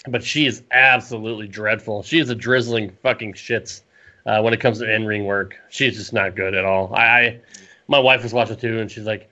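Man with a bright, lo-fi voice. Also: fairly low pitch, fairly even intonation, fairly quick. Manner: profane, laughing, rambling. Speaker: podcast co-host. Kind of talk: casual wrestling chat.

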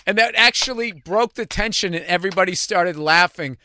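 A man's voice: sits high, fairly quick, pushed and bright. A man hosting a casual conversation, telling stories with animation and casual swearing. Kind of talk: casual chat.

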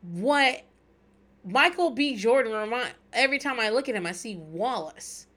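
A woman's voice: fairly high pitch, lively intonation, moderate pace, a bit bright. A woman hosting a podcast, chatting casually and candidly, swearing freely and laughing often. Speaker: podcast host. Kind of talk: casual recap chat.

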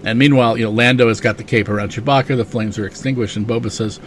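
A man's voice: medium pitch, steady tone, fast talker, slight background noise. A man hosting a podcast, recapping a comic casually with enthusiasm, lots of "you know" and chuckles. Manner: enthusiastic, chuckling, many fillers.

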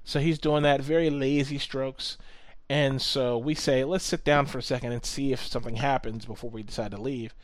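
A man telling a story in casual chat, animated, swearing often and acting out what people said. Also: mid-range voice, normal speed, dry recording.

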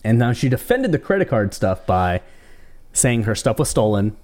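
A man co-hosting a casual chat show, relaxed and chatty, passing along strange news stories. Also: mid-range voice, normal speed. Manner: relaxed storytelling, sharing odd news stories. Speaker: podcast co-host.

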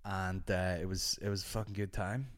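A young man hosting a podcast, telling a casual, animated and sweary story. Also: sits low, fairly quick. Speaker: podcast host.

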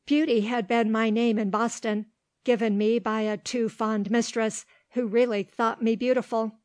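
A woman narrating a storybook in a steady, measured reading voice. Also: fairly high pitch, no echo. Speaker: audiobook reader.

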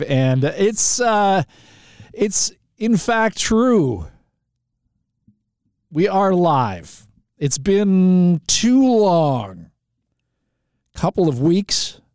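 A man's voice: on the high side, darkish tone. A man from Canada hosting a live call-in talk show, chatting casually with rambling asides, fillers and restarts.

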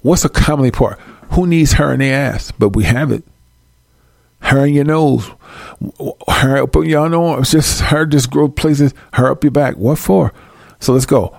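A man leading a casual Bible study, reading verses and chatting straight at his viewers in a folksy, animated way. His voice is gravelly with a lot of fry, and the recording is close and dry. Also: medium pitch, normal speed, no room sound. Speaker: Bible teacher.

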